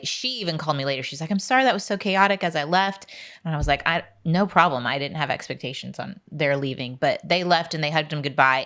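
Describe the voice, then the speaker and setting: A woman with a notably low voice co-hosts a casual podcast chat. She tells stories chattily and emotionally, full of asides. She is in her forties. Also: a bit bright. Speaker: podcast co-host. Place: podcast studio.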